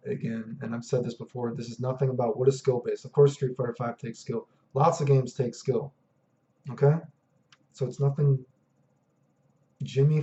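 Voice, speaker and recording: A man's voice: mid-range voice, mellow. A man ranting in a vlog, profane, exasperated and sarcastic. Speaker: vlogger. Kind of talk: ranting monologue. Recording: dull lo-fi audio.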